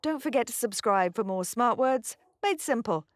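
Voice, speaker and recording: A woman with a fairly high, very lively voice teaches pronunciation in a scripted lesson. She enunciates each word clearly and carefully. The recording is dry and close, with no room sound. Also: normal speed, no room sound.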